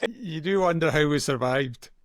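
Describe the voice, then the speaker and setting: A man's voice: on the high side, normal speed, no room sound, clean studio sound. A man hosting a podcast interview, prompting his guest with short follow-up questions. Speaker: podcast host. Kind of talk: casual interview.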